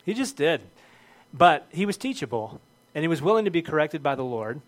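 A man's voice: fairly high pitch, big pitch swings, fairly quick. A middle-aged man preaching a sermon as pastor, earnest and conversational, building to emphatic points.

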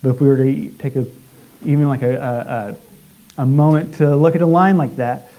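A man preaching a sermon in a halting way, with many restarts and filler sounds. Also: medium pitch, fairly even intonation, lo-fi sound.

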